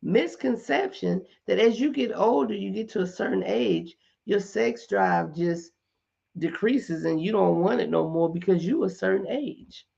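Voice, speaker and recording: A middle-aged woman hosting a casual live chat with her viewers, talking in an animated way, repeating points for emphasis and laughing often. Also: medium pitch, unhurried, gravelly, breathy edge, dull audio. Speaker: host.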